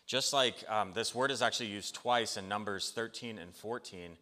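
A man's voice: lowish voice, moderate pace, pushed and bright. A man preaching a sermon in an earnest, conversational way, acting out the people he quotes. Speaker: pastor. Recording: long hall reverb.

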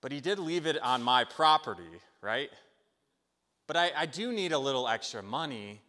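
A man's voice: medium pitch, sing-song, moderate pace, bright, forceful tone. A man voicing a guilty ancient Israelite villager who hesitates and makes excuses for keeping found money. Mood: torn, rationalizing. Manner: hesitant, self-justifying. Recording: long hall reverb.

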